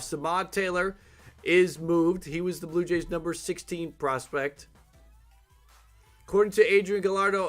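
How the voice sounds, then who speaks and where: A man hosting a live sports reaction stream, thinking aloud and getting excited as he reads out breaking news updates. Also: fairly high pitch.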